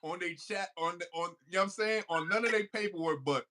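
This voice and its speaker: A man's voice: sits high, fast, bright, forceful tone. A man co-hosting a podcast in casual chat, laid-back and slangy, with laughing asides. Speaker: podcast co-host.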